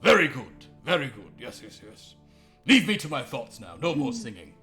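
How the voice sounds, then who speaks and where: A man's voice: medium pitch, big pitch swings, moderate pace, sharp tone, faint music behind. A man voicing a pompous, lovesick older naval commodore who laments theatrically and breaks into song. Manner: theatrical, mournful, bursts into song.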